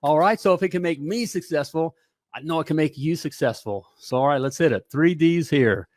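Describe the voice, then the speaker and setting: A middle-aged man hosting a live talk show, energetic and repetitive, tossing in "all right?" and "hey" between lines. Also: a little high, a little fast, no room sound.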